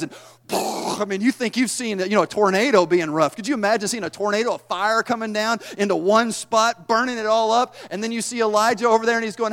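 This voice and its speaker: A man preaching a sermon, retelling scripture in a folksy, animated style. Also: sits high, fast talker. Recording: long hall reverb.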